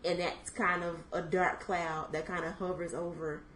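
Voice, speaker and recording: A young woman in her twenties co-hosting a podcast, thinking out loud in casual chat with lots of fillers. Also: fairly low pitch, level tone, moderate pace, echoey room, a little hiss or hum, low-quality recording. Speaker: podcast co-host.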